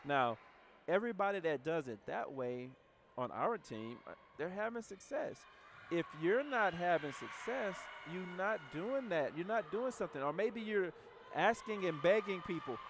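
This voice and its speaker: A man's voice: high-pitched, animated, moderate pace, noisy background. Blunt, assertive man leading a team talk. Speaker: team leader. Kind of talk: motivational team training talk.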